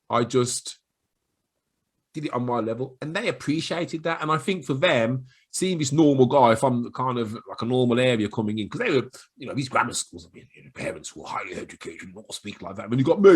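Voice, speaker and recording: A middle-aged man with a Black Country accent giving chatty sales advice to camera, now and then acting out quick voices of callers and of himself. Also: mid-range voice, husky. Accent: Black Country English. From Black Country, England. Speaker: sales trainer.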